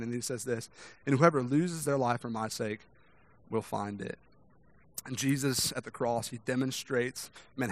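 A young man preaching a sermon in a casual, conversational way, often stumbling over restarts and checking in with "right?", and acting out quoted voices with big jumps in pitch. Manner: conversational, many restarts and "right?" tag questions; acts out quoted voices with sharp rises in pitch and volume. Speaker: pastor.

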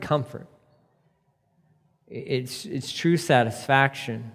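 A man preaching a casual, conversational sermon, moving from emphatic points to hushed, tender passages. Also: mid-range voice, slow pace, gravelly, pauses often. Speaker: pastor. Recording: long reverb of a hall.

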